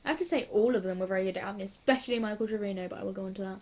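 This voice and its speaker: A young woman chatting casually and excitedly about a TV episode, giggly and hyper, gushing and rambling from scene to scene. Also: medium pitch. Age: young adult. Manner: hyper, giggly and quick to gush. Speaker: TV reaction vlogger. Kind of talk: casual rambling reaction chat.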